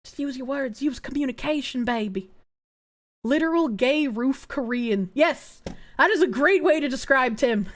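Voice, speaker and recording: Brief: high-voiced woman streamer, swears freely, laughs a lot while answering chat. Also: lively intonation, moderate pace. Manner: blunt and profane, laughs often. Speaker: live streamer. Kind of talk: casual live-stream chat, reading chat aloud.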